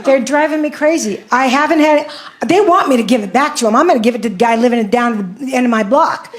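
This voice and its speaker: A woman's voice: high voice, fast talker. A woman in her seventies doing stand-up and crowd work, blunt and salty, repeating herself for emphasis. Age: 70s. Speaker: stand-up comedian. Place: comedy club stage. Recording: loud audience laughter.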